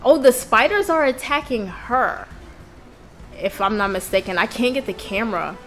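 A woman giving excitable let's play commentary as host of a gaming channel, with loud outbursts and swearing. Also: a little high, normal speed, soft background music.

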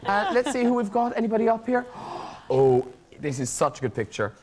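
A man's voice: very high voice, big pitch swings. A man hosting a studio chat show, teasing his guest and joking with the audience. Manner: teasing, quick, laughing. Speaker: talk show host. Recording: loud audience and studio noise.

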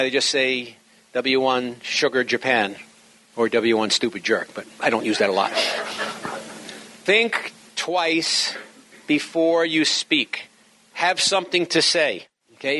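Animated joking man giving a talk. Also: mid-range voice. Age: middle-aged or older. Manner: animated, joking, slows down to stress words. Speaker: speaker at an amateur radio talk. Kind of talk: humorous instructional talk.

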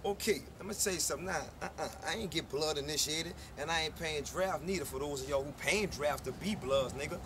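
A New Orleans man with a high, reedy voice fires off a cursing, boastful street rant straight to the camera. He sounds confrontational and unscripted, talking from outside on the block. Loud traffic and passing cars run right under his voice. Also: a little fast, hardly any pauses. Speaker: rapper. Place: outdoors on a neighborhood street.

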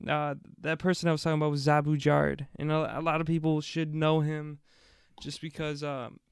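A young man chatting casually as a podcast co-host, animated and swearing freely. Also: fairly high pitch, moderate pace, creaky, clear, resonant tone, no echo, clean studio sound. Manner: animated, swears and laughs a lot. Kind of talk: casual chat.

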